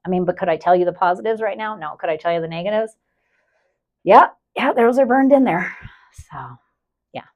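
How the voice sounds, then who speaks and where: A woman's voice: medium pitch, a little fast, long pauses, a little mellow. A woman co-hosting a podcast in casual chat, candid and profane, often laughing as she talks. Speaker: podcast co-host.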